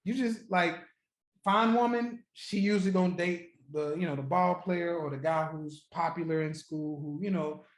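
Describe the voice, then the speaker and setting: A man hosting a trading livestream, chatting casually and profanely with viewers, joking, laughing often and repeating his points slowly. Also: fairly high pitch. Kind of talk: casual live-stream chat with viewers. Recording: roomy echo.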